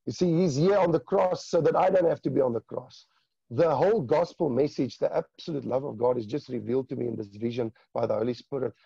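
Man, gravelly husky voice, fervent halting testimony, dull dry recording. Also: mid-range voice, mellow, no room sound. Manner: fervent, halting with repeated restarts. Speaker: guest sharing a testimony. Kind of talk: emotional testimony in conversation.

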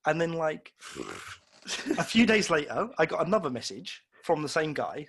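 A man's voice: on the high side, sing-song, normal speed, a bit bright, slightly rough. A man, a guest on an interview, telling casual, rambling, self-deprecating stories and acting out the voices of people he quotes. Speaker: illustrator guest. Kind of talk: casual storytelling in conversation.

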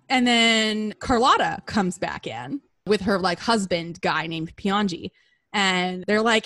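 A woman retelling a story in a playful, slangy way, putting on quick casual voices for the characters. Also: medium pitch, a bit bright, dry recording. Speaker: storyteller recapping a musical.

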